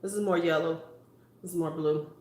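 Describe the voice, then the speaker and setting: A woman's voice: low voice, steady tone, normal speed. A woman beauty vlogger in a casual live-stream chat, playful and talking straight to her viewers. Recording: roomy echo.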